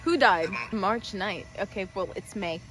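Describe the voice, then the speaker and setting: A young woman hosting a casual ghost-hunting vlog outdoors by train tracks, joking and crude, loudly calling into the dark. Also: medium pitch, measured pace, over loud music. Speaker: host.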